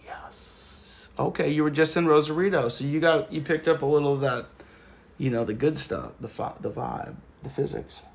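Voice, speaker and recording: A man's voice: on the high side, moderate pace, creaky. A man hosting a casual livestream, chatting loosely with viewers and joking as he rambles through stories. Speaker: livestream host.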